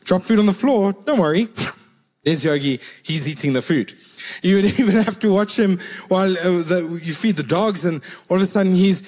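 A man's voice: high-pitched, moderate pace, a little mellow, big-room sound. A man preaching a sermon in a conversational, storytelling way, repeating his key words for emphasis.

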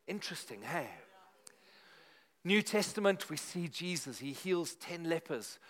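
Preaching with a fairly high-pitched voice and a slightly slow pace, this middle-aged pastor keeps things conversational and lively. He leans on emphatic repetition to drive each point home.

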